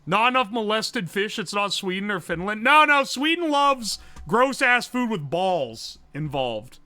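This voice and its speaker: High, bright-voiced streamer man. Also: very animated, a little slow, no echo. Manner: swearing, joking, thinking aloud. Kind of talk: casual livestream commentary.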